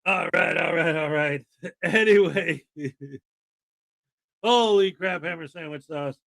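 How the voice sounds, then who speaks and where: A man's voice: on the high side, slow, vocal fry, a bit bright. A man hosting a casual live stream, joking sarcastically and chuckling as he comments. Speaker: streamer host.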